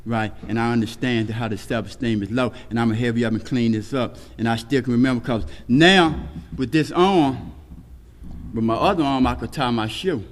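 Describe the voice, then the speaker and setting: A man's voice: mid-range voice, normal speed. Man preaching his recovery story. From Texas. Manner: preaching, rhythmic lists, shouts and laughs early, quiet and hushed later. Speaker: recovery meeting speaker. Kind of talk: personal testimony at a speaker meeting. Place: meeting hall. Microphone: podium microphone. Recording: hall reverb, faint noise.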